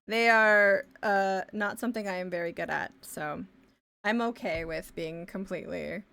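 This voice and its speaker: A woman from Ontario, chatting casually as a live streamer while she draws. She thinks aloud with many fillers and often trails off into quiet mumbles. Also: medium pitch, moderate pace, creaky, clear, resonant tone. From Canada, Ontario. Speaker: live streamer and pixel artist. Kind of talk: casual chat while drawing.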